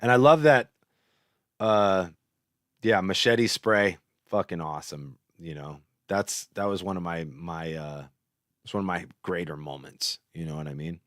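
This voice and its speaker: Unhurried and low-voiced, the man hosting this show rambles through casual stories in a profane, animated monologue, captured in a dry, studio-quality recording.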